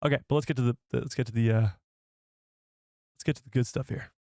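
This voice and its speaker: Excitable male live stream host. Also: mid-range voice, normal speed, no room sound, studio quality. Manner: excitable, rambling, talks to the chat. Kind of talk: casual live stream chat.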